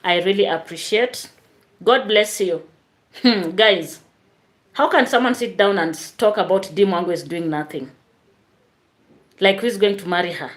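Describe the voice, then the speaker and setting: A woman's voice: mid-range voice, measured pace, pauses often. A woman hosts a live stream, reading out viewer comments and chatting straight to her viewers.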